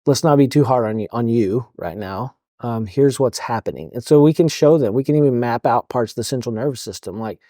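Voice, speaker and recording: In a studio-quality recording with no echo, a police officers' counselor speaks in a mid-range, dark-toned voice. Casual and halting in this podcast interview, he often restarts sentences and leans on fillers.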